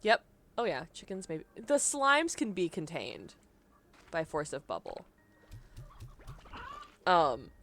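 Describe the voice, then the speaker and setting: A young woman chats casually through a live game stream, rambling from one story to the next and laughing often. Her pitch sits a little low but swings widely, with a bright, forward tone. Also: wildly swooping pitch, slow pace, pauses often, a little hiss or hum. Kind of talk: casual live-stream chat while gaming.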